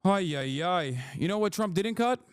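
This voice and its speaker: A man's voice: high-pitched, lively intonation, normal speed, clean tone, no room sound, studio quality. A man livestreaming a reaction to news, ranting angrily with heavy swearing and mocking jabs at his critics. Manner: heated, profane, mocking. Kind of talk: angry political rant.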